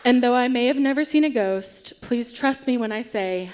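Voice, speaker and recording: A woman's voice: on the high side, moderate pace, noisy background. A woman telling a wry, self-deprecating story on a theatre stage, acting out what people said. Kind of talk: live comic storytelling.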